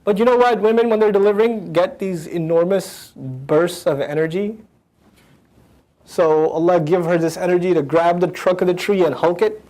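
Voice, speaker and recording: A man with a high-pitched voice teaches scripture line by line. He rattles off Arabic verses fast, then slows into casual, conversational English explanations. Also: warm tone. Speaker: Quran teacher.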